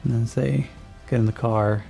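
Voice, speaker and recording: A man with a gravelly, mellow voice narrates a tabletop game as game master. He rambles along in a laid-back way, full of fillers, while soft music plays underneath. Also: medium pitch, fairly even intonation, normal speed.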